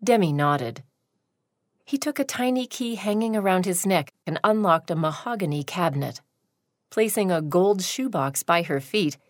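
A woman narrating a short story in a slow, deliberate reading. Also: medium pitch, no echo, studio quality.

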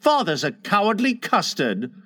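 A man's voice: sits high, wildly swooping pitch, moderate pace, a bit bright, no room sound, clean studio sound, pitched above the performer's own voice, heavily acted. A man voicing a suspicious, stubborn little boy in a storybook reading, cold and defiant.

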